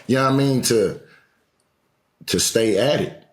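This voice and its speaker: A man's voice: medium pitch, unhurried, roomy sound. A man hosting a podcast in casual chat, loose and full of slang. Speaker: podcast host.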